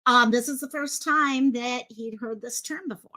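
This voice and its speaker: A woman's voice: fairly high pitch, normal speed, sharp tone. A woman hosting a casual live stream, chatting with viewers and greeting them by name in a rambling, filler-heavy way. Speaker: livestream host. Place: home streaming setup in Hawaii. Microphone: headphones with mic at desk.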